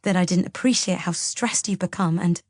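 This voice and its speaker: A woman voicing a worried young husband who talks softly and pleadingly. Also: on the low side, moderate pace, no echo, clean studio sound, close to an everyday voice. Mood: gentle.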